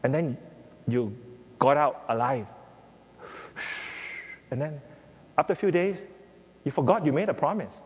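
A man's voice: expressive, unhurried, pauses often, breathy edge. Older male pastor preaching in a hall. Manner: impassioned, acts out prayers with rising pitch. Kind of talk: sermon. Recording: dull reverberant hall with faint noise.

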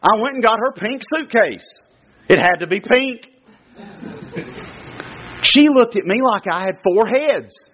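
A middle-aged man delivers a sermon in a fairly high voice. He hammers his points with repetition and jumps in pitch to mimic others. The recording sounds dull and muffled. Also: lively intonation, unhurried, long pauses, a bit bright. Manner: emphatic, repetitive, swings pitch to act out quotes. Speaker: pastor. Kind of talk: sermon on parenting.

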